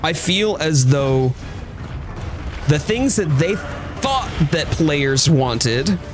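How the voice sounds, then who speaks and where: A man streaming a game, chatting casually and thoughtfully with his viewers while he plays. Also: fairly high pitch. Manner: thoughtful, hedging, reads chat aloud. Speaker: gaming streamer. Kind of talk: casual live-stream chat.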